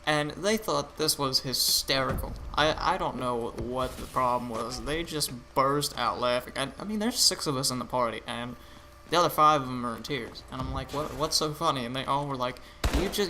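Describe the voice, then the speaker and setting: A man's voice: mid-range voice, normal speed, hardly any pauses. A tired man giving laid-back, rambling commentary over gameplay, with many restarts and fillers. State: tired, yawning. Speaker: gaming channel host. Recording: noisy home recording with clicks.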